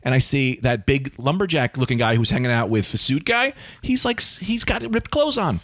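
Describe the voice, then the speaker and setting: A man's voice: mid-range voice, normal speed, no echo. Male comic, storytelling mode, bouncy delivery, very dry close sound. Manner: animated, rambling, heavy on filler words. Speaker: stand-up comedian.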